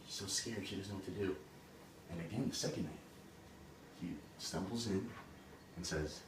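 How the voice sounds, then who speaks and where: A man's voice: low-pitched, moderate pace. A man retelling a fairy tale in a casual, chatty way, peppered with "like". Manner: casual, full of "like" and "he's like". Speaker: storyteller. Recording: roomy, distant mic, background noise.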